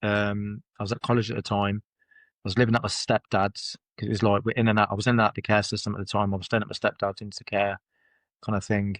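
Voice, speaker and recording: A man's voice: fairly low pitch, little pitch movement, quick pace, no room sound. A man telling his life story as a podcast guest, blunt and swearing freely, with loose run-on phrasing. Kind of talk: candid personal storytelling in conversation. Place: podcast studio.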